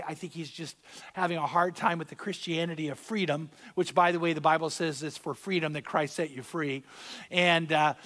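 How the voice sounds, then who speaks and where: High-voiced pastor preaching in a reverberant hall. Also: male voice. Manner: conversational preaching, repeats key phrases, swings louder for emphasis. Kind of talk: sermon. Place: church sanctuary.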